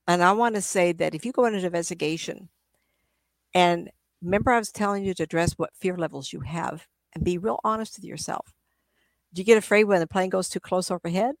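A woman's voice: lowish voice, dry recording. A middle-aged woman, a psychic medium, chatting in an interview and acting out spirits with gasps and laughs. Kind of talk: casual interview talk.

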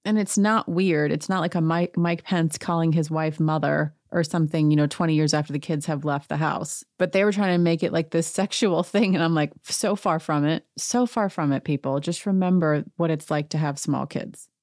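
A woman with a lowish, mellow voice chats casually through a recap, full of sarcastic asides. Her sound is close and dry, with no room around it. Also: steady tone, dry recording. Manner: sarcastic, chatty, quick to mock. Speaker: podcast host recapping a reality show. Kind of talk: casual chat.

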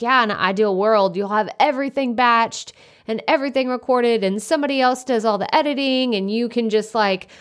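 Chatty loud-talking woman podcaster. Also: fairly high pitch. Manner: chatty, lots of "like" fillers, self-described loud. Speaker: podcast host. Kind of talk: casual solo podcast advice. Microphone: desktop USB microphone.

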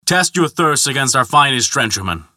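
A man's voice: medium pitch, expressive, normal speed, sharp tone, no echo, studio quality. A man voicing a cunning, commanding old male god who speaks tersely and mockingly.

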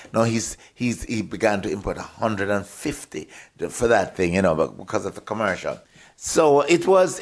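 An older man with a Jamaican accent, telling lively stories as a radio interview guest, laughing often and repeating words. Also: mid-range voice.

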